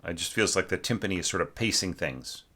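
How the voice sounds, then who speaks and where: Deep, rambling man critiquing a score. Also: lively intonation, fast talker, sharp tone. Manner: rambling, full of fillers, sings musical figures. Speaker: orchestration teacher. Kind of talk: spoken critique of a student score.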